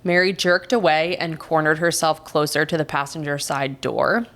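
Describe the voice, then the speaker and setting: A woman's voice: deep voice, fairly even intonation, normal speed, fairly bright tone. A woman in her thirties, a podcast co-host, telling a true crime case in casual chat with wry asides.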